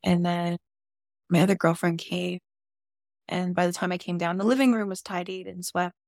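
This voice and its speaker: A woman's voice: on the low side, fairly even intonation, moderate pace, creaky, a little mellow, dry recording, clean studio sound. A woman guest on a podcast, candidly telling a personal story in an open, emotional and casual way, with some swearing.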